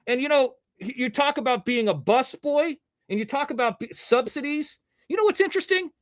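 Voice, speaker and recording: Talking at a moderate pace, a man with a fairly high voice runs his own livestream news show as casual commentary. He rambles across stories and argues straight at chat and critics, his voice slightly muffled by a face mask, recorded dry and close with no room echo.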